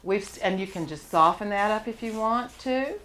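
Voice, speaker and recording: A woman's voice: mid-range voice, moderate pace, fairly bright tone, a little hiss or hum. A woman teaching a live charcoal drawing class to students, encouraging them and laughing often as she works. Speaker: art teacher.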